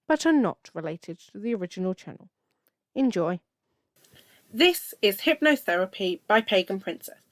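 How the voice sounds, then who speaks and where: A woman narrating a first-person story in a steady, scripted reading voice. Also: mid-range voice, dry recording.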